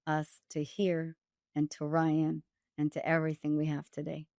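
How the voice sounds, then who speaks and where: A woman's voice: low voice, monotone, normal speed, darkish tone, dry recording. A woman dating coach and author, speaking directly and emphatically as a guest, with wry humor. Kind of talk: candid storytelling interview.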